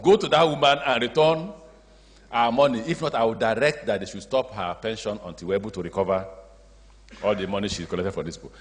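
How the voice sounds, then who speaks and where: A man with a Nigerian accent giving a public speech as a state governor, telling stories and acting out the dialogue. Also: lowish voice. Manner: storytelling, acts out dialogue, animated asides. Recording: long hall reverb.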